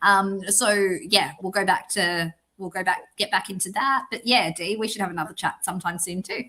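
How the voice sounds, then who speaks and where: A woman's voice: medium pitch, normal speed, bright, forceful tone. A woman, hosting a casual livestream chat and laughing often. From Australia. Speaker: podcast host.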